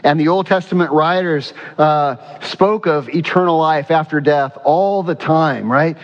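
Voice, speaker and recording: A man's voice: on the high side, a little slow. A man preaching a sermon as pastor, emphatic and repetitive, with frequent fillers. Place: church sanctuary. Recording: dull sound with long hall reverb.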